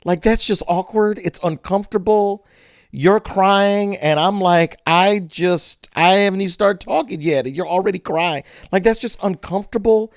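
A man with a voice pitched a little above the usual talks through workplace conflict in a casual host's manner. He is animated, tells stories, acts out what people said, and laughs easily, all in a dry, close recording. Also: moderate pace, dry recording. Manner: animated storyteller who acts out quotes and laughs. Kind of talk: casual chat on leadership and conflict.

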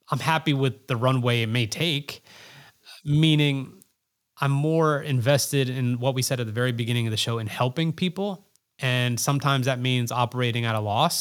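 Man, middle pitch, podcast guest in casual conversation, earnest and reflective, doubles back on words for emphasis. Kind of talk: casual interview talk.

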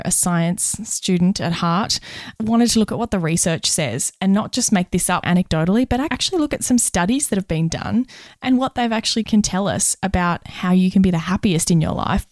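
A woman's voice: medium pitch, a little mellow, dry recording, clean studio sound. An Australian woman co-hosting a podcast and coaching on recruitment, chatting in an upbeat, friendly way. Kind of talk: casual podcast chat.

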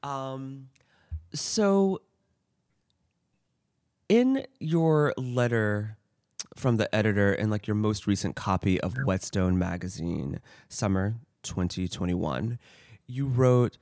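A man's voice: lowish voice, slow, pauses often, a little mellow, no room sound, clean studio sound. A man hosting a podcast interview, talking in a thoughtful way with many fillers and restarts. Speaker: podcast host. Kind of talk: conversational interview.

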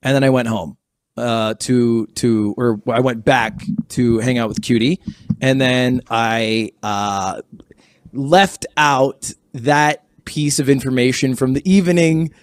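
A man's voice: mid-range voice, fairly even intonation, slow, no room sound. A young man telling a story in a casual podcast chat, rambling and sheepish, with many fillers and restarts. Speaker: podcast guest.

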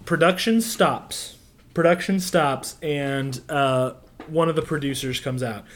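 A game master describes scenes for a tabletop game, often stopping and restarting mid-sentence. The voice sits in a middle pitch. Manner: halting, many fillers and restarts.

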